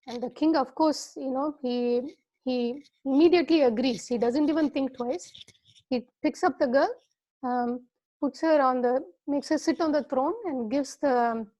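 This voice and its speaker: A woman telling a story in a devotional talk, in a lively, conversational way. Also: high-pitched, poor audio. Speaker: devotional speaker.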